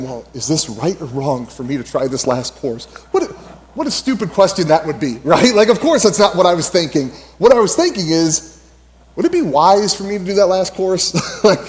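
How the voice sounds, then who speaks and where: A pastor telling a story in his sermon, animated and laughing often, with many fillers. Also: on the high side.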